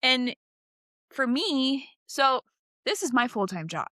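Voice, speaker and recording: A woman's voice: high voice, big pitch swings, takes it slowly, fairly bright tone, dry recording. A woman co-hosting a podcast in casual chat, blunt and emphatic, often tagging her points with "right?" and swearing freely. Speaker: podcast co-host and full-time small business owner.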